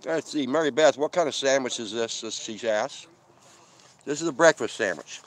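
The speaker is a van-life vlogger on a live stream, sitting at an outdoor desert campsite where he eats, chats, rambles, and reads out viewer comments. His voice is medium in pitch and moderately paced.

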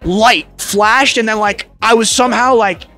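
A young man with a noticeably high voice tells a long personal story as a guest in an interview. He talks in a relaxed, slangy way, packing his sentences with fillers and casual swearing. Faint music plays in the background. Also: unhurried. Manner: laid-back, filler-heavy slang with frequent "like" and swearing.

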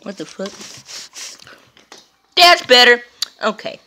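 A young woman making a chaotic, profane comedy vlog who rambles loudly and often breaks into yells. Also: on the high side, lively intonation, takes it slowly, dry recording. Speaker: vlogger.

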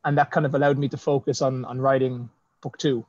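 A man's voice: medium pitch, level tone, fairly quick, a little mellow, no room sound. A man who writes fantasy novels, chatting in a casual video-call interview, self-deprecating and laughing often. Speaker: self-published fantasy author, guest. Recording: dull lo-fi video call audio.

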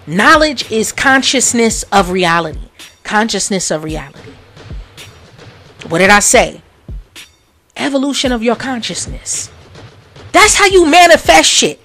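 Woman preaching with repeated phrases. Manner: swings from low murmurs to loud exclamations. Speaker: podcast host. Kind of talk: motivational talk.

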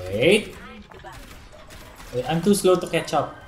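A man's voice: a little high, slow pace. A man playing a team shooter with friends, yelping and crying out in panic in casual chat. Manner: excitable yelping, panicky repeated cries. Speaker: gamer. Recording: echoey room.

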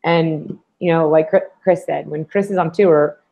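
A woman on a fitness panel who talks in a lively way and acts out the voices she quotes. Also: sits low, unhurried, creaky. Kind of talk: casual panel discussion. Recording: slightly dull lo-fi audio.

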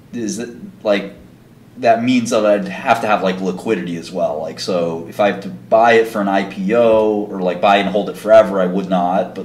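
A man's voice: on the low side, a little mellow, a little hiss or hum. A man hosting a casual livestream, rambling through stories with lots of filler words. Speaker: livestream host. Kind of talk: casual storytelling chat. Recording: echoey room.

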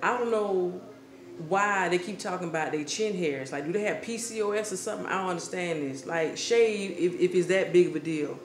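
A woman vlogger telling a story in a comic, casual way, slangy and animated, often breaking into laughter. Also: lowish voice, fairly quick, faint music behind. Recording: echoey room with faint hiss.

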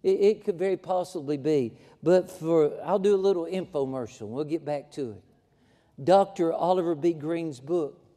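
A man preaching from the pulpit in a folksy, emphatic style that climbs to fervent heights. His voice sits high for a man yet sounds dark and mellow. It rings out with the long reverb of a church sanctuary. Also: moderate pace. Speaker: pastor. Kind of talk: sermon.

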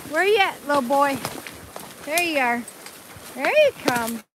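Woman, high voice, outdoors on horseback, chatty and sing-song, phone mic, noisy wind and hooves behind. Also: sing-song, a little slow. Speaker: vlogger streaming live. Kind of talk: casual live-stream chat.

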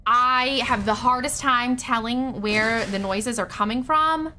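A woman's voice: a little high, a little slow, sharp tone, slight background noise. A young woman streaming a horror game live, panicking, shrieking and swearing as she plays. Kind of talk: live gameplay commentary.

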